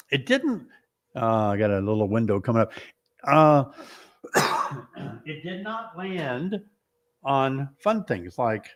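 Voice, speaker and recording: A middle-aged man hosting a casual beekeeping live stream, playful and teasing, short of breath and coughing from an illness. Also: mid-range voice. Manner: playful, teasing, with animated exclamations. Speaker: beekeeping host.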